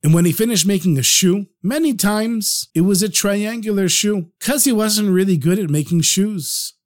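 A male storyteller narrating a traditional tale for his podcast. His voice sits high for a man, and he tells the story expressively, breaking into the voices of the characters. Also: moderate pace. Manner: warm, expressive, acts out the characters.

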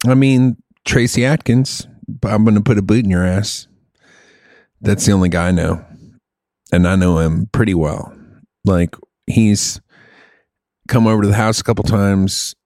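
A man in casual comedic chat, telling absurd stories with deadpan jokes. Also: lowish voice, measured pace, long pauses, no echo, clean studio sound. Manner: deadpan storytelling, riffing jokes.

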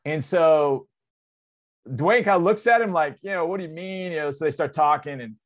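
A man in his forties, a sports radio host, telling a story on air in a loose, excitable, conversational way. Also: moderate pace. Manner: animated, excitable storyteller with big swings in loudness and pitch; conversational, drops into loose asides.

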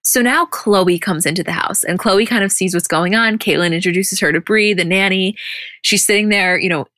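A young woman co-hosting a podcast, casually recapping a reality show with animated storytelling and plenty of swearing. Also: medium pitch, moderate pace, no room sound, clean studio sound. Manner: animated storytelling, quoting others in put-on voices, frequent swearing. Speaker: podcast co-host recapping episodes. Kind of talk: casual chat.

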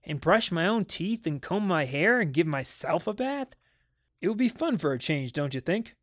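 A man's voice: a little high, big pitch swings, normal speed, fairly bright tone, dry recording, studio quality, pitched above the performer's own voice. A man reading as a stern, uneasy father. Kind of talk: dramatic audiobook reading.

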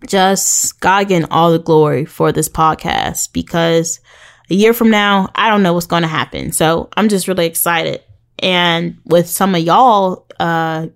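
A young woman hosts her podcast in a chatty, casual way, with a voice that sits a little low for a woman. She speaks to listeners directly and slips into preachy, sarcastic asides. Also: clear, resonant tone. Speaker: podcast host. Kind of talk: casual faith-based podcast talk.

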